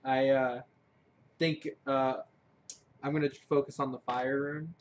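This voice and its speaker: A man's voice: medium pitch, flat delivery, a little slow, slight background noise, rough recording. A man playing a tabletop game, answering in short joking lines. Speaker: player. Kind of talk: casual tabletop play.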